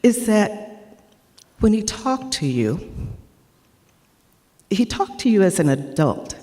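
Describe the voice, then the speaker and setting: On a performing arts center stage in a large hall, a woman with a lowish, warm voice gives an earnest, heartfelt personal tribute at a memorial, speaking as a former actor and student.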